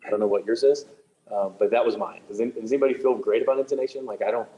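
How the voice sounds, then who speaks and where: Fast-talking man giving a chatty clinic. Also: medium pitch, steady tone, muffled recording, a little hiss or hum. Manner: quick, chatty, joking, with many fillers and restarts. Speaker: band director leading a music teachers' clinic. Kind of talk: casual clinic presentation. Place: room with attendees present, also on video call.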